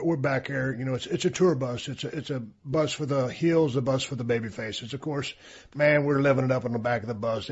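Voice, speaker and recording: A man hosts a podcast with a husky, mid-pitched voice, telling stories in a relaxed drawl full of fillers. The recording sounds somewhat muffled. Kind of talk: casual chat.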